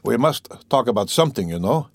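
Reader doing a brooding, peevish young man, middle pitch, dry sound. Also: expressive, a little fast, creaky, no echo. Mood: tense. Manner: agitated, peevish, probing.

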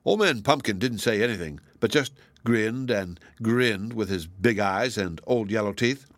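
Bright, lively male storyteller. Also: lowish voice, measured pace, no echo. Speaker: narrator. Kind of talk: storybook reading.

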